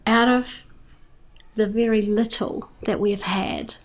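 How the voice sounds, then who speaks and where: A woman's voice: medium pitch, fairly even intonation, takes it slowly. A middle-aged Australian woman, a church leader who runs a food charity, telling her story with enthusiasm and emphasis in an interview. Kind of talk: interview testimony.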